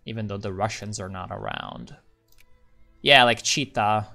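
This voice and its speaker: A man's voice: on the low side, a little slow, gravelly, sharp tone, faint music behind. A man rambling casually through a game commentary as a channel host, muttering to himself and swearing when things go wrong.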